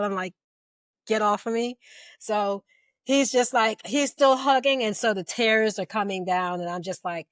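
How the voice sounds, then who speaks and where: A woman's voice: fairly high pitch, no echo. Middle-aged woman telling a story animatedly. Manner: animated retelling, acting out quoted voices. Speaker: guest, police officer. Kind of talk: storytelling in an interview.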